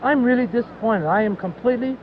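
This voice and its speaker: A man giving an emotional, halting post-game TV interview, repeating himself. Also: very high-pitched. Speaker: hockey player speaking on TV. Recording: dull archival broadcast with faint noise.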